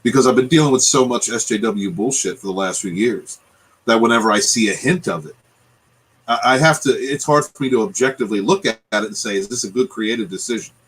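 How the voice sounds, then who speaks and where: A man's voice: lowish voice, fairly quick, fairly bright tone, breathy edge, rough recording. A man in a casual podcast chat, ranting and swearing as he talks. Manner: ranting, profane. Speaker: guest, channel creator.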